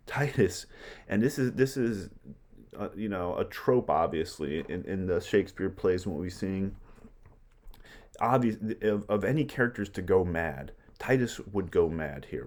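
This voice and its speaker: A man gives a casual lecture on a play, animated and full of restarts and repeated words. His voice is low and deep, and he keeps checking in with a quick "right?". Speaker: literature teacher.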